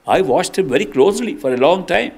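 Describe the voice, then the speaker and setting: A man's voice: sits high, expressive, fairly quick, gravelly. Older man giving an earnest devotional talk. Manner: earnest, reflective storytelling with wide swings between soft and emphatic. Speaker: spiritual teacher. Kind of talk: devotional discourse.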